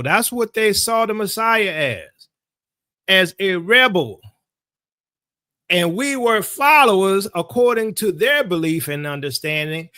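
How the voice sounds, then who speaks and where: A male Bible teacher gives an insistent, sermon-style lesson, hammering his points home through repeated phrases. His high voice has a sharp, forceful edge, and the recording is dry and close with no room sound.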